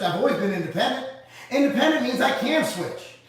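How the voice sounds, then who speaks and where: A man's voice: extremely high pitch, sing-song, brisk, distant mic. Blunt, profane man in an echoey room. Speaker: livestream host reading viewer comments. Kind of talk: casual live Q&A.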